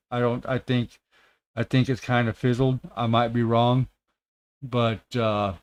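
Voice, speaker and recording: A man in his thirties, a tech content creator, chatting casually on a livestream with many pauses, fillers and restarts. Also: mid-range voice, smooth.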